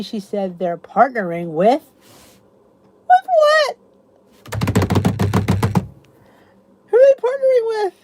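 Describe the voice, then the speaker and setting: Middle-aged woman, host of a casual live chat, soft mellow tone, chatty, reads out and answers viewer comments. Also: mid-range voice. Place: cozy room downstairs at home.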